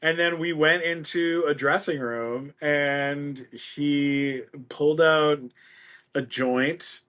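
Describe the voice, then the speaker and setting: A man's voice: on the high side, steady tone, slow pace, fairly bright tone. A middle-aged man telling a story as a podcast guest, playfully acting out the voices of the people in it. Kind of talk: casual interview storytelling.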